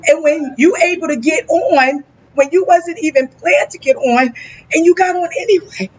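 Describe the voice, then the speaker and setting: A woman's voice: very high voice, normal speed, a little hiss or hum, rough recording. A woman with a New Jersey accent hosting a live virtual event, effusive and emotional, often saying she is about to cry. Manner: effusive, repeats "let me tell you something". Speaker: host.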